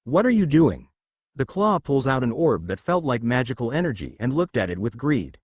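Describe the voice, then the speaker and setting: A man's voice: medium pitch, big pitch swings, a little fast, no echo. A man narrating a first-person fan fiction story and reading every character's lines in his own voice. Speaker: fanfiction narrator.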